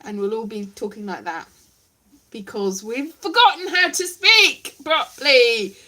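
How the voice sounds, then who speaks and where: A woman's voice: on the high side, expressive, measured pace, pushed and bright. A young woman vlogging casually to live viewers, rambling and self-mocking, now and then slipping into silly voices.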